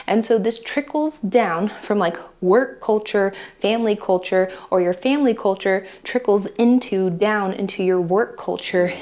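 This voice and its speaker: A woman from the United States talks casually to her viewers. She is chatty and animated, and she acts out the voices of the people in her story as she tells it. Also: mid-range voice. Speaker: vlogger.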